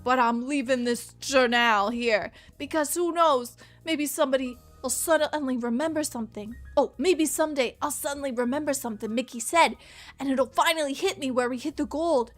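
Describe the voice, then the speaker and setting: A woman's voice: high voice, moderate pace, faint music behind, lightly acted. A woman voicing a struggling male treasure hunter from the 1930s, reading his journal aloud with a tough-guy gangster drawl. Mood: weary, rueful.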